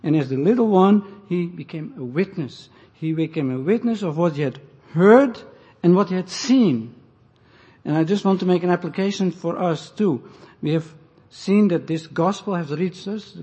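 A man preaching an expository sermon, deliberately explaining scripture and the Greek and Hebrew words. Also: high-pitched, warm tone, breathy edge. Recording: muffled, echoey hall recording.

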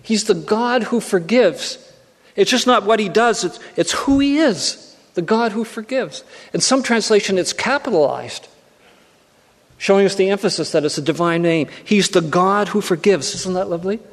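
A man's voice: high voice, moderate pace. Earnest preacher man in an echoing hall. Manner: earnest, repeats key phrases for emphasis. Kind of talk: sermon. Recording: long hall reverb.

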